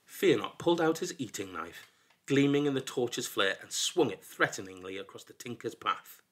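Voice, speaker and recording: A man narrating a folk tale in an expressive, dramatic storybook reading that drops into hushed lows. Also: normal speed.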